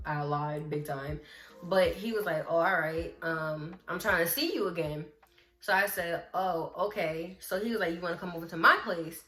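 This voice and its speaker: A woman vlogger telling a story in casual chat, lively, acting out what people said and talking straight to her viewers. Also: fairly low pitch, normal speed. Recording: roomy echo with faint music.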